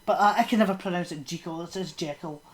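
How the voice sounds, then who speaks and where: A woman's voice: mid-range voice, very fast, a crowd in the background. A woman, co-hosting a podcast in loose, casual chat full of fillers. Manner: rambling, lots of fillers and trailing laughs. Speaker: podcast co-host. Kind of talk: casual chat about horror films.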